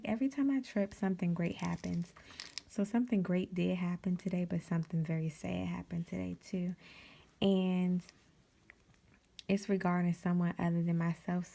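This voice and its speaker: A woman hosting a casual sewing tutorial, chatty and drifting into quiet whispered asides as she works. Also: on the low side, vocal fry. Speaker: DIY sewing vlogger.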